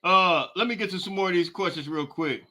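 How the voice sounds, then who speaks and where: Podcast host, male, high-pitched and piercingly bright, ranting in casual slang. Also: a little fast. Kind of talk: live halftime reaction with viewer comments.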